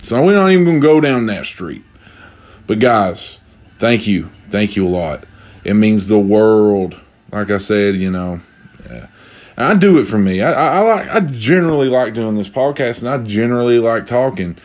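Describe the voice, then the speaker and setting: A man's voice: lowish voice, expressive, moderate pace, a little mellow. A young man hosting a casual solo podcast, rambling in loose slang with a drink at hand. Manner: drinking while talking. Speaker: podcast host.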